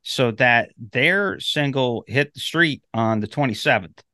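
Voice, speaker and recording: A man's voice: medium pitch, expressive, measured pace, pushed and bright, no echo, studio quality. A man co-hosting a podcast, chatting casually with many fillers, restarts and some swearing. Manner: rambling with many fillers and profanity. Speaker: podcast co-host. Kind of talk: casual chat.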